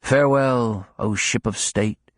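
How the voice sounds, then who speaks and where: A man reading an audiobook, voicing a joking middle-aged clerk husband with sardonic, mock-gruff banter. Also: medium pitch, slow pace, no echo, clean studio sound, lightly acted.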